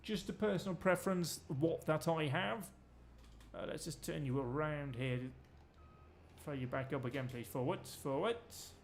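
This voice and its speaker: A man's voice: on the high side, measured pace, gravelly, a little hiss or hum. A man giving rambling, jokey let's-play commentary while streaming a farming game, swearing freely.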